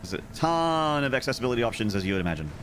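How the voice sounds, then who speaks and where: A man's voice: mid-range voice, big pitch swings, racing, a bit bright, slight background noise. An Australian man streaming a game, chatting casually with viewers in a rambling, self-mocking way. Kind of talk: casual chat while gaming.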